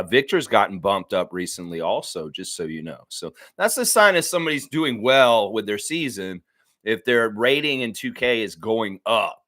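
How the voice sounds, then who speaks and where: A man hosting a casual sports fan livestream, excitable and hyped, sometimes chewing as he talks. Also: on the low side, no echo. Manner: excitable, shouts hype bursts, chewing while talking. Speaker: livestream host.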